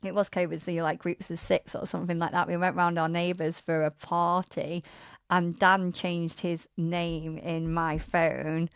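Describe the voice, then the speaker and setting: A woman in her thirties on a podcast, telling a dating story in casual chat and acting out quotes loudly with laughter. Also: unhurried, clear, resonant tone, no room sound. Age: 30s. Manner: animated, laughing, acts out quotes in a loud high voice. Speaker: podcast co-host.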